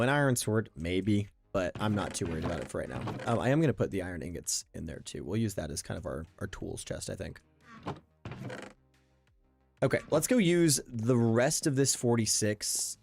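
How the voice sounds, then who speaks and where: Faint game music sits under this casual gameplay commentary from a man with a creaky, darkish, mid-range voice. Streaming a survival game, he thinks out loud and frequently restarts what he's saying.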